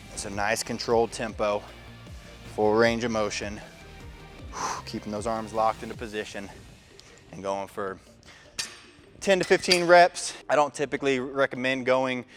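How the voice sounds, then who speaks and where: A man giving casual workout instructions as a fitness coach, talking while he demonstrates exercises and sometimes sounding slightly strained from the effort. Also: mid-range voice. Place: gym.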